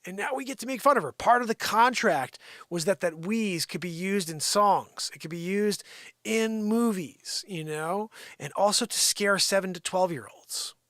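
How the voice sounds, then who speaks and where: A man hosting a live comedy stream, rambling and teasing an unseen sidekick with a steady stream of "you know.". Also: high voice, moderate pace, no room sound, studio quality. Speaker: livestream comedy host. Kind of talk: improvised comedic rant.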